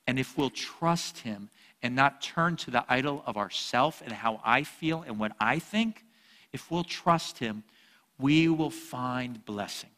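Bright-voiced pastor in a reverberant hall. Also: male voice, medium pitch, unhurried. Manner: lively storyteller, jokey, swings loud and soft. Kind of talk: sermon with personal story.

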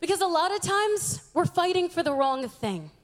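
A woman in her twenties giving an animated sermon, acting out the voices she quotes. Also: extremely high pitch, normal speed. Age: 20s.

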